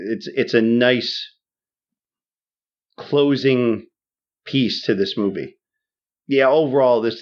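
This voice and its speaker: Male podcast co-host, mid-pitch, casual and halting, livens up for the exciting parts; dull lo-fi sound. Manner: halting, many restarts and fillers, animated retelling. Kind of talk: casual movie discussion.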